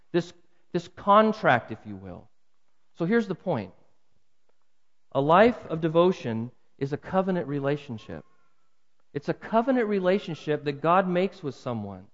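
Emphatic preacher man in a reverberant hall. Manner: earnest, emphatic preaching with swings in pitch and volume. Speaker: pastor. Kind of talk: sermon. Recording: muffled with long hall reverb.

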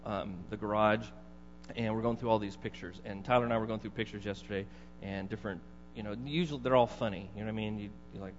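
A man's voice: lowish voice, steady tone, fast talker. A middle-aged male pastor preaching in a loose, conversational way and often asking his listeners questions. His voice comes through dull, with a long church-hall reverb and a faint mains hum behind it. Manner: conversational, asks the congregation questions. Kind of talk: sermon.

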